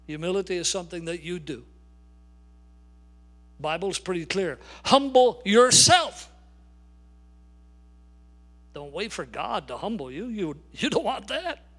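An older man delivers a sermon from the pulpit, pressing his points with emphatic, drawn-out stresses. His voice sits notably high for a man. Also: animated, a bit bright, breathy edge. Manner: emphatic, slows and stresses key words. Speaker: pastor.

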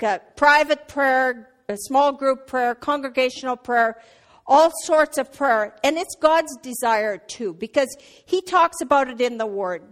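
A middle-aged woman giving a conversational sermon, with fillers and restarts, who gets loud and animated telling a family story. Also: high voice. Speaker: church speaker.

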